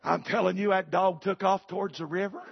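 A male preacher with a gravelly voice, telling a folksy story in a sermon that builds to shouted preaching, in a church. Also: high-pitched, steady tone, brisk, dull audio.

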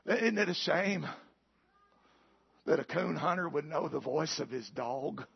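A male preacher with a gravelly voice, telling a folksy story in a sermon that builds to shouted preaching, in a church. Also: on the high side, animated, measured pace, lo-fi sound.

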